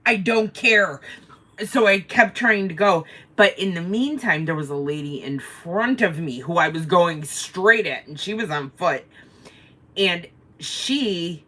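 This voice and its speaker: A woman with a rather low voice and a bright, forceful tone, spinning a story during a casual live chat. She tells it in an animated way and swears freely. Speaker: co-host of a live chat stream.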